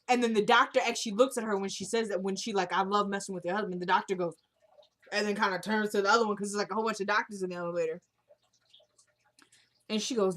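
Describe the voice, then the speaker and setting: A woman casually retelling a TV episode scene by scene, quoting the characters in an animated, chatty way. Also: medium pitch, fast. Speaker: TV episode recapper. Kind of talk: casual episode recap vlog.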